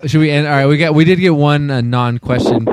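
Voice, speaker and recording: A man's voice: fairly high pitch, brisk, very noisy. A man hosting a casual comedy podcast, joking with co-hosts and reading listener emails aloud with playful inflection. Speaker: podcast host.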